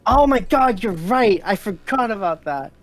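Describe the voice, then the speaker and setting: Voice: medium pitch, animated, normal speed. A guest player chatting casually, hesitant and full of fillers. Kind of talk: casual chat.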